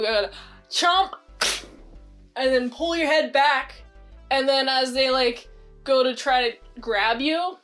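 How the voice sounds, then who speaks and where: A woman casually recapping a TV episode, chatty and excitable, filling her talk with "like". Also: sits high. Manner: chatty and excitable, heavy use of "like", acts out quoted lines. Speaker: series reviewer.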